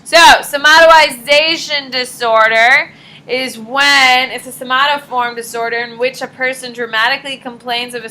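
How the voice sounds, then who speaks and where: A woman's voice: fairly high pitch, slight background noise, low-quality recording. A woman teacher giving a casual, jokey classroom lecture in a classroom, acting out little dialogues as she explains. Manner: animated, jokey, acts out dialogue.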